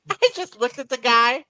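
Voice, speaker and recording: A woman's voice: on the high side, bright, forceful tone, no echo, poor audio. A woman guest in a casual chat, rambling through memories with frequent restarts and laughs. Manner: rambling, repeats words while recalling, laughs often.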